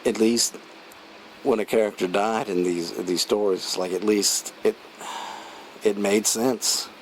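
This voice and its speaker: A man with a lowish voice talks through a film review in a loose, rambling way, restarting sentences and chuckling as he retells scenes. A faint hum of room ambience sits behind him. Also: steady tone, unhurried, poor audio. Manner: rambling, chatty, many restarts and fillers. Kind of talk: casual spoken film review.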